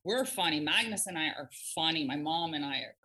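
A woman talking as a podcast guest in casual chat, animated, laughing often and swearing freely. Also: low voice, fairly quick.

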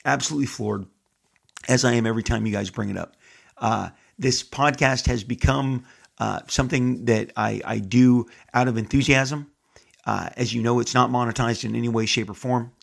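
Middle-aged male podcast host, gravelly and husky, enthusiastic, rambling with many restarts. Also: medium pitch. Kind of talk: casual podcast monologue. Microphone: studio microphone.

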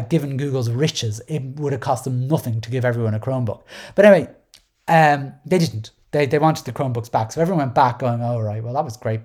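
A woman's voice: low voice, dark tone. A middle-aged woman hosting a podcast, talking in a sardonic, digressive way with many restarts. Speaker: podcast host. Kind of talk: casual solo commentary.

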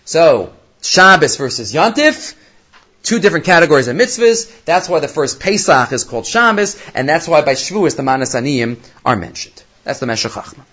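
Animated man teaching a Torah class. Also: fairly high pitch, normal speed, husky. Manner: animated, acts out quoted voices, mixes Hebrew terms. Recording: dull lo-fi recording.

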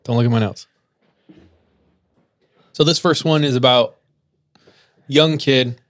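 A man hosting a podcast, telling ghost stories in a relaxed way with lots of filler words. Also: medium pitch, slow pace, no room sound, clean studio sound. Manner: relaxed, filler-heavy, laughs easily. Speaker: podcast host. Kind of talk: casual spooky storytelling.

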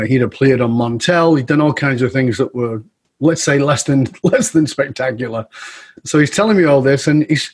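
A middle-aged man, a guest on an interview show, telling a story in a lively conversational way and acting out the dialogue. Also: mid-range voice, husky. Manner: animated storyteller who acts out quoted dialogue. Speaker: guest speaker and coach.

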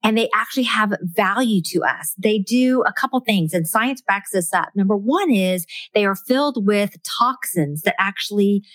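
A middle-aged woman talks in an earnest, reflective way as a guest author on a faith-based interview. Her voice sits at an ordinary pitch for a woman. The recording is dry and close, with no room around it. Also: lively intonation, normal speed, few pauses, no echo.

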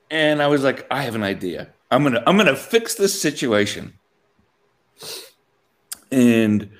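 A man's voice: a little high, fairly bright tone. A man casually telling a long funny story to a co-host, acting out the people in it and laughing often.

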